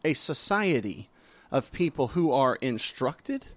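A man, a pastor, chatting casually on a podcast in an animated, playful way. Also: medium pitch, no room sound. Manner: animated and playful, reads quotes slowly.

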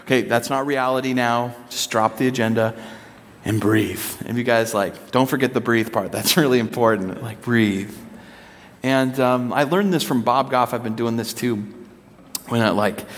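A man in his thirties preaching to a congregation, telling personal stories in an animated way and acting out his children's voices. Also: medium pitch, moderate pace, in a large hall. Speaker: speaker addressing a congregation.

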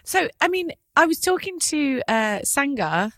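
A woman hosting a casual chat, reacting readily and talking in a chatty, warm-hearted way. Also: high-pitched, very animated, unhurried, no echo, clean studio sound. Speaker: host.

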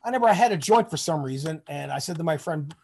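A man's voice: on the high side, expressive, fast talker, vocal fry, darkish tone, a little hiss or hum. A middle-aged man from Michigan speaks in a slightly raised register, rambling through stories with plenty of swearing. He keeps slipping into the voices of the people in his tales, in a loose, conversational interview. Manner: rambling, profane, acts out quoted voices. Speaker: guest, Army veteran. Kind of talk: casual storytelling interview.

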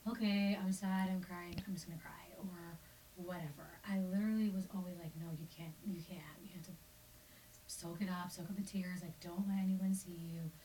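A soft-spoken woman interviewer sharing her own grief reflectively, often dropping to a near whisper. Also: lowish voice, steady tone, normal speed. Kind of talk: reflective conversation about grief. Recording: distant mic with faint hiss.

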